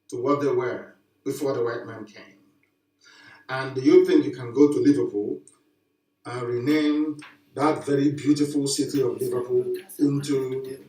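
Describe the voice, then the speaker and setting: A man's voice: mid-range voice, warm tone. A man giving an impassioned live broadcast address, preaching emphatically with rhetorical questions and repetition. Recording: echoey, distant from the mic.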